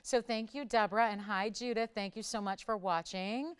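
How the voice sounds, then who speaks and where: A woman hosting live jewelry shopping, chatty and upbeat, pitching deals and reading out viewer messages. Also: moderate pace, smooth. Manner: pushes deals with "I'll tell you what".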